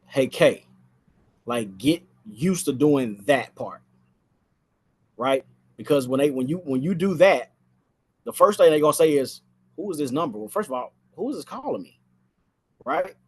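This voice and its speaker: A man's voice: fairly high pitch, animated, normal speed, a little mellow. A man giving a casual spoken training on phone sales, talking from inside a house and repeating phrases for emphasis.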